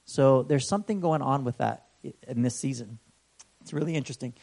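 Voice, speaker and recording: A man's voice: medium pitch, a little fast, vocal fry. A man preaching a sermon in a conversational way, often checking in with "right?" and acting out the story's exclamations. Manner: animated storytelling with voiced exclamations.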